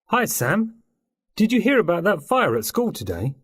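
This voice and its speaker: A man voicing a curious schoolboy in a textbook listening dialogue, asking questions with a husky voice. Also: high-pitched, very animated, moderate pace, dry recording, clean studio sound, heavily acted.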